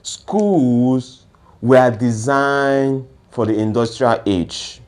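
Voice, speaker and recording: A man's voice: medium pitch, extremely slow, a little mellow. A man giving a lecture-style talk on education, asking rhetorical questions and then answering them. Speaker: education speaker.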